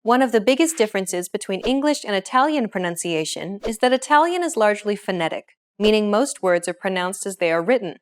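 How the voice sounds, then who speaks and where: A woman narrating a scripted pronunciation lesson as the teacher, clear and upbeat. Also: mid-range voice, expressive, fairly quick, hardly any pauses.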